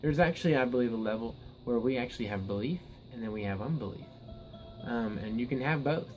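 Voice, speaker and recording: A man's voice: mid-range voice, quick pace, a little mellow, faint music behind, low-quality recording. Earnest preacher man, emphatic bursts. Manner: earnest, repeats words and restarts, rises to emphatic peaks. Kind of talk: Bible teaching sermon.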